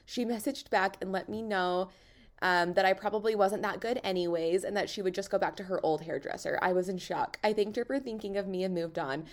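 A woman co-hosting a casual chat, laughing often as she reads listener stories aloud. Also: mid-range voice. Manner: giggly, quick to laugh. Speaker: podcast co-host, hairstylist.

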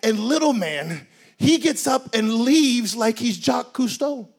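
A man preaching a sermon in a lively, comic storytelling way, with bursts of shouting. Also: very high voice, unhurried.

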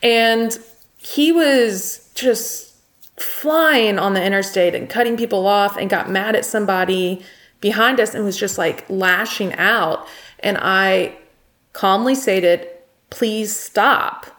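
A woman's voice: medium pitch, slow, a bit bright. A young woman, a guest in an interview, telling her own story in a candid, plainspoken way. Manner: candid and plainspoken, recounting events.

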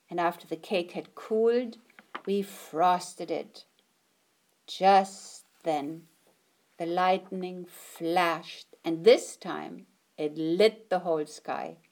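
A woman reading a picture book aloud in a gentle, expressive storytelling manner. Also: fairly low pitch.

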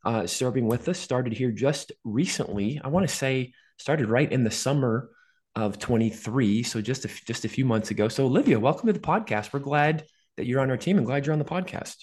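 A man's voice: mid-range voice, fairly quick, a little mellow, slightly rough. Male podcast host; upbeat, joking, filler-heavy conversational read. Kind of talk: casual podcast interview.

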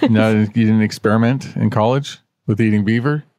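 A man in his forties co-hosting a casual true-crime podcast, trading deadpan jokes. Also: lowish voice, normal speed, no echo. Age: 40s. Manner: joking, deadpan wisecracks. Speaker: podcast co-host.

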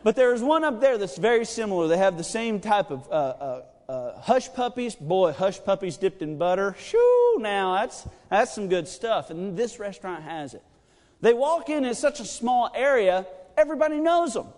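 A man's voice: high voice, lively intonation, normal speed, darkish tone. A man preaching a midweek sermon, telling a joking personal story in a chatty, rambling way with lots of fillers. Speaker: pastor. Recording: long reverb of a church hall.

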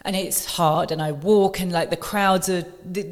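A woman's voice: fairly low pitch, normal speed, big-room sound. A young woman, a podcast guest, telling a personal running story with emotion, acting out what others said. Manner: animated, quoting others in dialogue, emotional.

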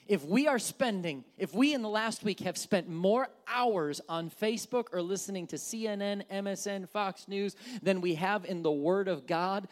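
Emphatic male pastor preaching. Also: high voice. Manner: emphatic preaching with repeated phrases and stumbles. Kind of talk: sermon.

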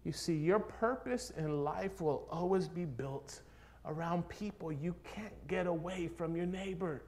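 High-voiced preacher swinging hushed to loud. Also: male voice, measured pace. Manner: swings between hushed, near-whispered passages and loud, rising exhortation; repeats rhetorical questions for emphasis. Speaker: pastor. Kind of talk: sermon.

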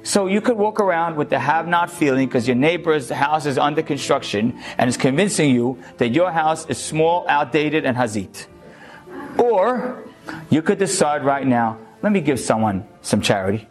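A man's voice: on the high side, animated, moderate pace, soft background music. A man giving a short Torah lecture as a rabbi, telling a story with energy and then urging his listeners in earnest.

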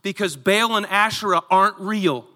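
Male pastor, sermon delivery, animated storyteller, bright tone, church hall reverb. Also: high-pitched, normal speed. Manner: animated storytelling, acts out voices.

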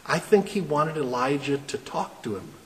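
A man preaching a sermon, reading scripture dramatically and then explaining it in a lowered, earnest voice. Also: lively intonation, moderate pace. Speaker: pastor. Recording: long reverb.

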